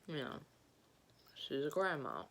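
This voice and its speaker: A woman with a Southern Alabama accent, telling a story in a rambling, halting way as she eats and talks with her mouth full. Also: sits low, big pitch swings, vocal fry, fairly bright tone. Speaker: vlogger. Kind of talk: casual storytelling while eating.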